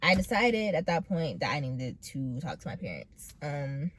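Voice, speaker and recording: A young woman in her late teens telling her own story in a vlog, hesitant and full of pauses, earnest and close to tears. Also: deep voice, sing-song, fairly bright tone, a little hiss or hum. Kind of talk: personal storytelling.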